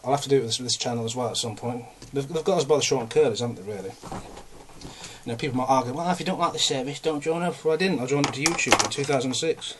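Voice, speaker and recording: A man's voice: medium pitch, rapid-fire. Man, young adult, rambling vlog rant, self-deprecating, a bit winded, faint background noise. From England. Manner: ranting, self-mocking, chatty. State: out of breath. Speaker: vlogger.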